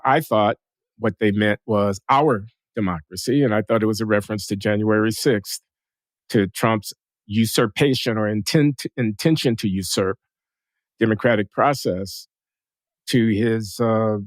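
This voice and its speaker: A man hosting a conversation, speaking in a measured, deliberate way with frequent hesitations. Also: fairly low pitch, no room sound. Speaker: host. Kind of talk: conversational discussion.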